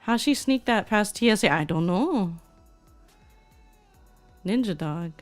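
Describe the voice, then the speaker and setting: A woman's voice: medium pitch, lively intonation, a little slow, soft background music. A young woman VTuber chatting casually on stream, gushing and reading chat aloud.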